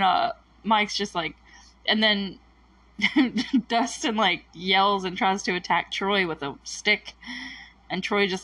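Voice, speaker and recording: A woman's voice: medium pitch, bright, forceful tone, husky, no echo, recorded from a distance, rough recording. A woman casually recapping a TV episode, laughing often and acting out the characters' lines. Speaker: recap host.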